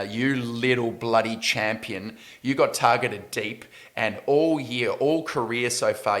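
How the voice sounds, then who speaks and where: Australian male co-host, bright forceful voice, excitable and sweary. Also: lowish voice. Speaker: podcast co-host. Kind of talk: casual sports podcast chat.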